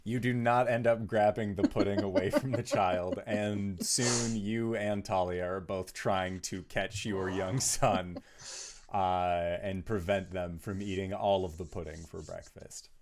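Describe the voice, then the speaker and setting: Man, game master, low voice, soft storytelling. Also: steady tone, measured pace, slight background noise. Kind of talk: narrating a tabletop game.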